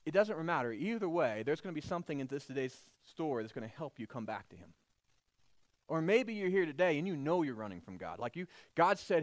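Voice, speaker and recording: Brief: male pastor, expressive high voice, dry close recording, storytelling sermon. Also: fast, no echo. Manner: animated storytelling, acts out voices.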